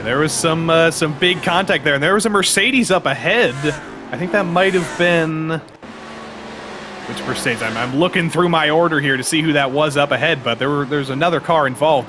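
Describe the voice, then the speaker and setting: A man's voice: on the high side, normal speed. Chatty racing co-commentator man. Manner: chatty, playful, tangents. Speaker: race commentator. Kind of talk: sim racing color commentary. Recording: background race car noise.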